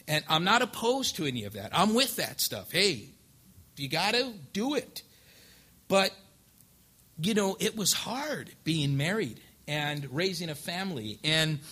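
A man's voice: fairly high pitch, bright, forceful tone. A man, telling his life story as an informal testimony sermon from a church pulpit, acting out old conversations. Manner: folksy storytelling, acts out past dialogue. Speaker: preacher. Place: church sanctuary.

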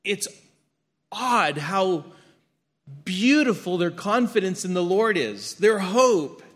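A man preaching a sermon and reading scripture aloud, earnest, swinging between emphatic lines and hushed ones, often repeating his words. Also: sits high, big pitch swings, takes it slowly. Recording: long hall reverb.

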